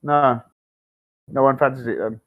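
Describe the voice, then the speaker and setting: A man with a Birmingham accent in an online debate, rambling and halting, searching for his words and quick to take offence. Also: mid-range voice, steady tone, dry recording, narrow, tinny audio. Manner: rambling, halting, easily riled. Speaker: debater on a live stream.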